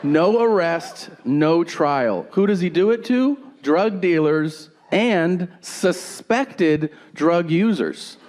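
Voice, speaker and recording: A man's voice: fairly high pitch, animated, slow pace, few pauses, a little mellow, big-room sound. A man performing a stand-up comedy set with sarcastic, mock-boastful, profane punchlines.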